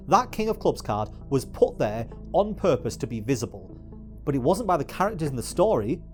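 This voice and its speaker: A man giving exasperated, swearing video essay commentary as a YouTuber. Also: on the high side.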